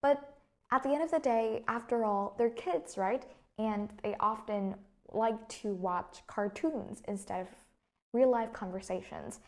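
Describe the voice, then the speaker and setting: A woman's voice: on the high side, measured pace. Young woman teaching casually. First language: Vietnamese. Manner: chatty, explains with examples and asides. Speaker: English teacher. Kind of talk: casual English lesson.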